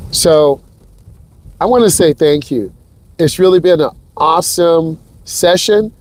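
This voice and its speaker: A man's voice: on the high side, measured pace, darkish tone. A man working as a driving instructor, giving hyped, talk-to-the-viewer commentary from inside a car while he drives. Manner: hyped, talks straight to viewers. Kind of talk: live driving lesson commentary.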